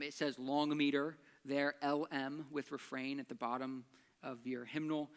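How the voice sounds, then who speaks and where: A man, a church pastor, giving a chatty teaching talk on a hymn's words and rhythm, tapping out beats aloud. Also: a little high.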